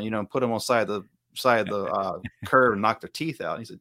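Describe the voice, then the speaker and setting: A man's voice: lowish voice, fairly even intonation, quick pace, pushed and bright, no echo, studio quality. A middle-aged man from the Southern United States, a martial arts instructor, talking in an earnest, rambling way in a casual podcast chat. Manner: rambling, earnest, self-correcting.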